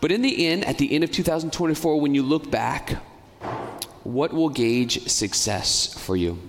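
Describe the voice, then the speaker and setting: Earnest priest preaching in a reverberant church. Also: male voice, on the high side, expressive, a little hiss or hum. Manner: earnest, pleading, speeds up and slows down. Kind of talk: sermon.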